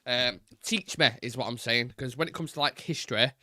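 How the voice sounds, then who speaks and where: A man's voice: medium pitch, fairly quick, bright, forceful tone, no room sound, studio quality. A young man hosting a live fan football show, chatty and frank with plenty of fillers.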